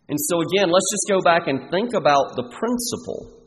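A man's voice: high-pitched, brisk. A man preaching a sermon as pastor in a church, earnest and pressing his listeners with repeated rhetorical questions. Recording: long hall reverb, faint background noise.

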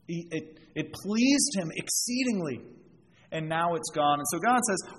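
A male pastor delivers an expository sermon, walking through a scripture passage and tying it to everyday examples. His voice sits a little high for a man. It rings out with a long reverb, over a faint background noise. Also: lively intonation, unhurried.

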